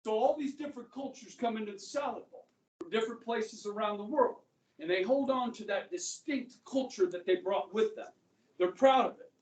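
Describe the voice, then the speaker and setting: A man's voice: high voice, normal speed. Male history teacher, casual joking lecture, rhetorical questions, far from the mic, roomy echo. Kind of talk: classroom lecture. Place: classroom. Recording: echoey classroom, speaker far from the mic.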